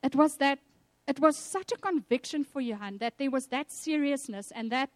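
High-voiced South African woman preaching. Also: normal speed, no echo. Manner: animated storytelling, acting out quoted voices. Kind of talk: sermon with personal stories.

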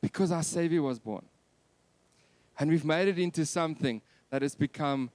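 A man, preaching a Christmas sermon in an animated, joking way that swings between loud and soft. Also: a little high, moderate pace, dry recording. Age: 30s. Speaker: pastor.

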